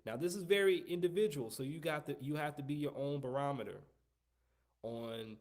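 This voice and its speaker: A man's voice: fairly high pitch, normal speed, darkish tone. A man teaching a live trumpet lesson, talking at length and often repeating and restarting his phrases as he coaches. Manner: long-winded, repeats himself, coaching tone. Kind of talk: live online music lesson.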